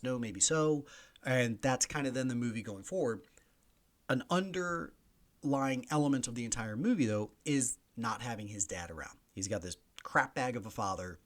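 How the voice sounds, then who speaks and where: A man in his forties hosting a podcast, chatting casually and animatedly through movie reviews and news. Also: mid-range voice. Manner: animated, chatty, mock voices in quotes. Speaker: podcast host. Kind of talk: solo movie review chat.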